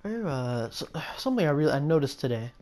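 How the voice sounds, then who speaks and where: A man's voice: on the high side, very animated, quick pace, warm tone. A young man giving casual gameplay commentary, rambling and musing aloud, often stopping and restarting his sentences. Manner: rambling, musing, self-interrupting. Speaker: gameplay video host.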